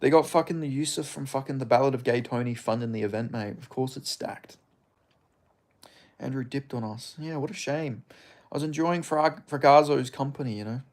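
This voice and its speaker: A man's voice: medium pitch, normal speed. An Australian man streaming and reading chat aloud, with blunt, profane, laid-back banter. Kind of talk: casual livestream chat.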